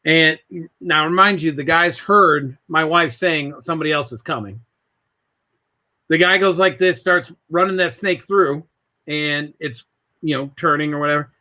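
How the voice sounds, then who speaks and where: A man with a high, bright voice, chatting casually as a show host. He rambles through a long anecdote, slipping into other people's voices as he quotes them. His talk is loose and full of restarts. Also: measured pace. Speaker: podcast host. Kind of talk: casual storytelling chat.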